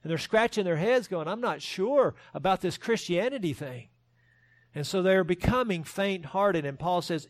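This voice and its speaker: A man's voice: sits high, normal speed, no echo. A man preaching a sermon as a pastor, earnest and emphatic, with self-deprecating humor.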